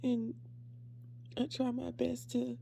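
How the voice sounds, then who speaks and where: A woman, a faith ministry creator, speaking in a halting, heartfelt personal monologue with soft trailing phrases. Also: fairly high pitch, monotone, gravelly, slight background noise.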